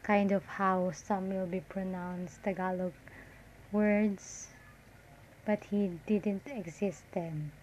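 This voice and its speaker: A woman's voice: medium pitch, fairly even intonation, slow, darkish tone. A woman from the Philippines with a Filipino accent, chatting casually in a reaction vlog, full of "like" fillers and restarts. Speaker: reaction vlogger. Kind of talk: casual commentary. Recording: dull lo-fi audio with faint noise.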